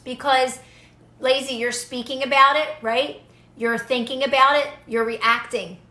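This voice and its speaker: A woman's voice: sits high, fairly even intonation, unhurried, bright, forceful tone, echoey room. A young woman giving casual, earnest manifestation advice to viewers on a live stream, repeating phrases for emphasis.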